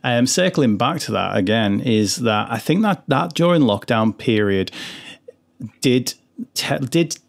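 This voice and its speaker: A man's voice: mid-range voice, lively intonation, unhurried, gravelly. A man hosting an interview podcast, talking conversationally and joking, often restarting his sentences. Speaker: podcast host.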